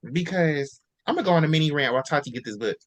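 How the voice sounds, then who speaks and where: A man hosts a relaxed book discussion with a co-host. He talks animatedly and presses on his words as he builds toward a rant. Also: fairly high pitch, very fast.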